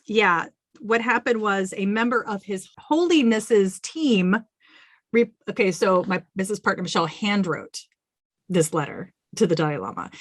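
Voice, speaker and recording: A woman's voice: medium pitch, fairly bright tone, dry recording. A woman guest on an interview podcast, telling stories with animation and acting out her own quotes. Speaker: author guest.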